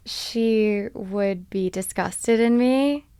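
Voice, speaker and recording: A woman's voice: mid-range voice, a little slow, clear, resonant tone, no echo, clean studio sound. A woman in her twenties hosting a podcast, talking candidly about her past and laughing at herself. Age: 20s. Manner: animated, confessional, laughs at herself. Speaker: podcast host. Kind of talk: candid solo podcast talk.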